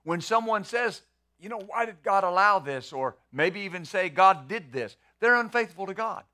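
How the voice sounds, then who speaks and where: Middle-aged male pastor, bright and forceful, a bit high, talks his sermon like a chat and repeats words. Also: animated, moderate pace. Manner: conversational preaching with rhetorical questions.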